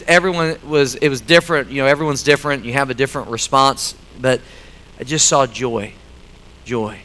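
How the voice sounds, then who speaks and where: A middle-aged man preaching a sermon in a church, swinging between loud emphatic lines and quiet joking asides to the congregation. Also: mid-range voice, rough recording. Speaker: pastor. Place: church sanctuary.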